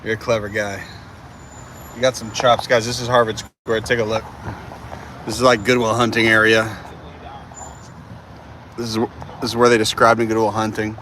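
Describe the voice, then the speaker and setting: A young man in his twenties holds a casual live stream from a city street at night, answering viewers in a playful, teasing way, full of slang. His voice sits low. Faint traffic hums in the background. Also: level tone, normal speed, long pauses, bright, forceful tone. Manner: playful, teasing, slangy with lots of dude and bro. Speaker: livestreamer.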